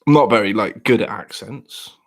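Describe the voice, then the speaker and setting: A man's voice: fairly low pitch, normal speed. A man with a West Country English accent, chatting casually as a host, joking and laughing often. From South West England. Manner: jokey, laughs often, swears. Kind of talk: casual banter.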